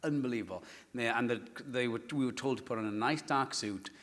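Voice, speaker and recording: A man's voice: medium pitch, fast talker, fairly bright tone. A middle-aged Welsh man, a first-language Welsh speaker, telling stories on stage and acting out other people's voices with lots of laughter. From Wales. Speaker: guest actor. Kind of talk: animated anecdote telling on stage. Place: stage before a live audience.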